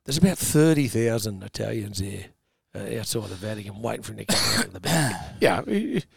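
A man telling a long joke, animated and laughing at his own lines. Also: fairly low pitch, a little fast, gravelly, a little hiss or hum.

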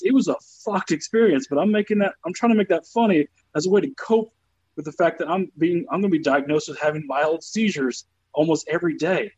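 A young comedian tells stories in a husky, fairly high voice, swearing often as he jokes about hard times. The sound is dry and dull, like a lo-fi call. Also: a little fast, no echo. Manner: profane storytelling, joking about his troubles. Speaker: comedian guest. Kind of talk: casual podcast chat.

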